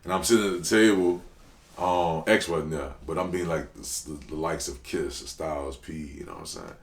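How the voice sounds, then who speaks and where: In a laid-back interview, a New Orleans rapper with an extremely low-pitched voice spins casual stories. He's slangy and lively, spiking in sudden excited bursts, while the roomy space makes his voice echo clearly.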